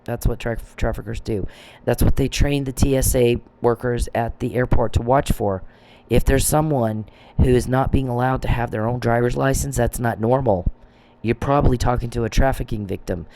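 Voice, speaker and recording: A man's voice: medium pitch, moderate pace, vocal fry, dark tone, slight background noise. A man delivering an agitated, accusing monologue, swearing freely and repeating himself for emphasis. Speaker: vlogger. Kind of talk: ranting monologue.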